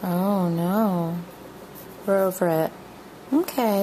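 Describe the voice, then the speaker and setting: A woman filming her baby at home, talking to her in soft, coaxing, sing-song baby talk. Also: lowish voice, expressive, unhurried, a little hiss or hum. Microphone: handheld camera mic.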